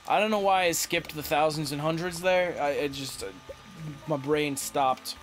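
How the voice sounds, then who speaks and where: Goofy guy narrating his game run, kinda high-pitched, reads stuff off the screen, bit of music under it. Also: normal speed. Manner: playful, excitable, reads on-screen text aloud. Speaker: let's play host. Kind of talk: casual gameplay commentary.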